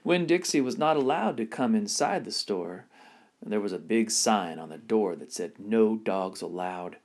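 A man reading a children's novel aloud in an expressive storytelling manner. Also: lowish voice, normal speed. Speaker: reader.

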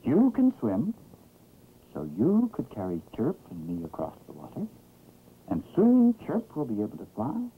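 A man's voice: mid-range voice, huge pitch swings, a little slow. A man voicing a small, earnest male baby chick in a 1960s cartoon, talking eagerly and hopefully. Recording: muffled, hissy 1960s film soundtrack.

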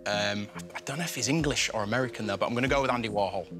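A man's voice: on the low side, very fast. A male quiz contestant reasoning his way through an answer, hesitant and thinking aloud. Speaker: game show contestant. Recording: music under the voice.

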